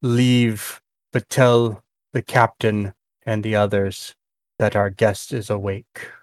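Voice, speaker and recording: A man voicing a male mind flayer captor who speaks slowly and menacingly in broken common. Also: lowish voice, steady tone, dry recording. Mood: commanding. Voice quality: slow, halting speech in broken common. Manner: slow, wet, menacing delivery.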